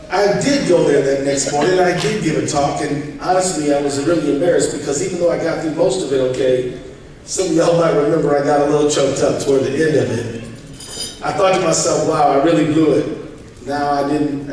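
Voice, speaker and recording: A man's voice: a little high, a little mellow, a little hiss or hum. A man giving a public speech, telling stories in a conversational way with asides to the audience. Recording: echoey hall from far off.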